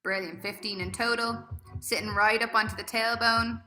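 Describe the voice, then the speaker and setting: A woman's voice: fairly high pitch, fairly even intonation, normal speed, pushed and bright, echoey room. A woman with an Irish accent coaching a live workout class, chatty and encouraging, praising people by name and laughing often. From Ireland. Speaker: fitness coach.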